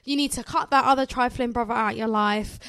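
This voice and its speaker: A woman's voice: fairly high pitch, a little fast. A woman co-hosting a podcast, chatting casually and jokingly with her friend. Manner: chatty, animated, jokey. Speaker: podcast co-host. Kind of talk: casual chat.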